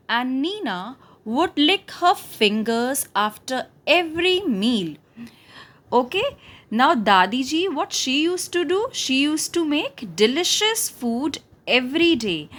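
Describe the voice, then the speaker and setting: A woman's voice: high-pitched, fairly bright tone. A woman teaching young children. She reads a textbook story aloud and explains it, asking questions and then answering them in a sing-song way.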